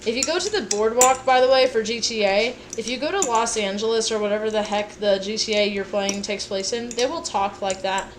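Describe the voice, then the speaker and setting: A woman's voice: on the high side, fairly quick, hardly any pauses, noisy background. A tired young woman livestreaming as she cooks, chatting to her viewers in a rambling, playful way with sing-song asides. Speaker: livestreamer cooking for chat. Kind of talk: casual livestream chat while cooking. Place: home kitchen. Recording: clear kitchen clatter behind.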